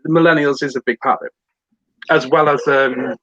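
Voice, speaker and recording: A man talks as a podcast guest, animated and eager to demonstrate voices. His tone is bright and forceful. The recording sounds dry and slightly muffled, like a lo-fi stream. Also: mid-range voice, fairly quick, dry recording. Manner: animated, mimics voices while explaining. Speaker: guest entertainer. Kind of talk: casual podcast chat.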